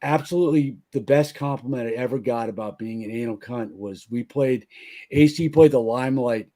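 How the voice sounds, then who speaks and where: Mellow-voiced man telling rowdy stories. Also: mid-range voice, normal speed. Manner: rambling, profane anecdotes, frequent restarts. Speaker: podcast guest, band member. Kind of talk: casual storytelling chat.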